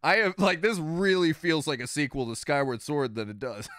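A man streaming a game, chatting casually, excitable and swearing, jumping into shouts and tangents. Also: fairly high pitch, moderate pace, no room sound, clean studio sound. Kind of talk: let's play commentary.

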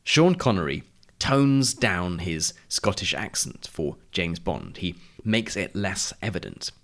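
Brief: male lesson host, slightly low voice, clear measured read. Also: a bit bright. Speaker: podcast host. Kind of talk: scripted narrated lesson.

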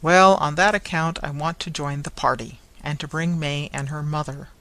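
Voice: medium pitch, fairly even intonation, normal speed, pushed and bright. A grumpy, sneering toy merchant, as a storyteller puts him on speaks in curt, muttered phrases full of contempt. He sounds cold and dismissive. This is a storybook reading, not a staged play. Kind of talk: audiobook character reading.

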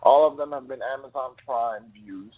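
A man's voice: mid-range voice, normal speed, a crowd in the background. A man in casual live-stream chat, rambling and piling up examples as he talks. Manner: chatty, rambling, piles up examples. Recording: tinny phone line.

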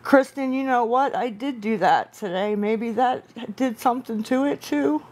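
A woman's voice: a little high, unhurried, darkish tone. A woman hosting a late-night live stream, answering viewer comments in a weary, apologetic way while tired and upset. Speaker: livestream host.

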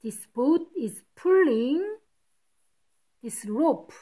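A woman's voice: sits high, lively intonation, extremely slow, dark tone. A woman teacher reading a picture book aloud to children, patiently stopping to point out the rhyming words. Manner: patient, explains each rhyme to kids.

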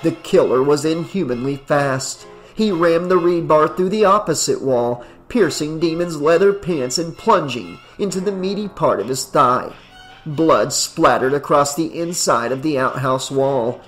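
Male narrator with a slightly high voice. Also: lively intonation, measured pace, faint music behind. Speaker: audiobook narrator. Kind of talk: audiobook narration of horror fiction.

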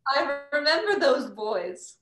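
A woman's voice: high-pitched, very animated, slow pace, full character voice. A young actress playing a proud, theatrical stage-star mother whose grand scolding turns tender, performed over a video call. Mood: haughty. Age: young adult. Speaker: student actor.

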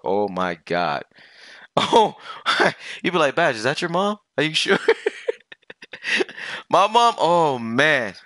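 A man's voice: medium pitch, sharp tone, dry recording. A young man giving casual, jokey commentary while streaming a video game, laughing often and trash-talking the game. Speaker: gaming streamer.

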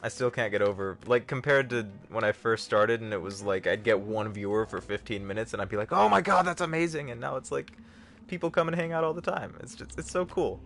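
On a gaming livestream, a streamer with a lowish, fairly bright voice jokes around and chats with viewers at a fairly quick clip.

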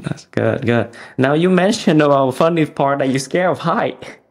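A man's voice: a little high, expressive, moderate pace. Attentive man interviewer. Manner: attentive, laughs, frequent backchannel. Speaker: interview host. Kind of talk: casual interview.

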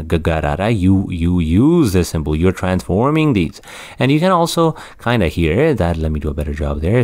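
A man's voice: low-pitched, darkish tone, dry recording. A man teaching the Punjabi script in an online lesson, explaining patiently and repeating words as he goes. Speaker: language tutor.

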